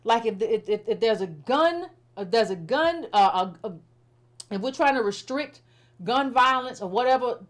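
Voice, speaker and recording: A middle-aged woman commentator giving blunt, repetitive, exasperated criticism in casual, informal speech. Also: fairly high pitch. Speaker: political commentator.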